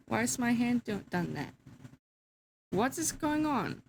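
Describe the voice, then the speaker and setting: A woman's voice: on the high side, very animated, unhurried, gravelly, pauses often, noisy background. A young woman chatting casually to her live-stream chat, sleepy, giggly and yawning. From Australia.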